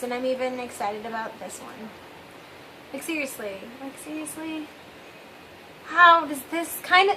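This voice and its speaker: A woman with a high, sharply bright voice talks through a casual confessional vlog. She rambles and speaks candidly to her viewers, trailing off and undercutting herself with wry asides. A faint room hum sits behind her. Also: low-quality recording. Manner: rambling and candid, often trailing off with "I don't know"; wry, with self-mocking asides. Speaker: vlog host.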